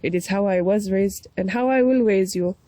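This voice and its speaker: A woman's voice: medium pitch, normal speed, mellow, no echo, natural voice, low-quality recording. A woman voicing a smug mother who firmly lectures her child in a self-righteous tone.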